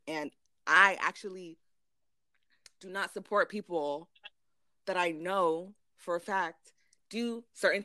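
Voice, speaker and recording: Young woman, blunt casual co-host, slightly low pitch, dry close mic. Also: pushed and bright, no room sound. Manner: blunt, emphatic, swears freely. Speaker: podcast co-host. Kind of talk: casual chat.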